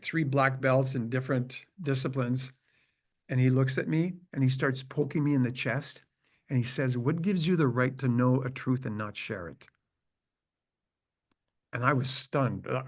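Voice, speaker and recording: A Canadian man in his sixties, a chiropractor guest telling a long personal story in an interview and acting out the lines of the people in it. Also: mid-range voice. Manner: animated storyteller who acts out quoted dialogue.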